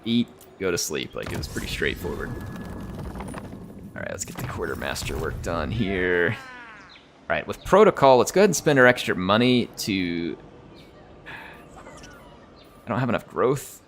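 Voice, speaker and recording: A man's voice: sits low, sing-song, unhurried, long pauses, a bit bright, a little hiss or hum. An American man with a near-neutral accent and a slight drawl, chatting in a rambling way while streaming a strategy game. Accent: General American, slight drawl. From United States. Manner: rambling and chatty, chuckles often. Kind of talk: casual live-stream chat.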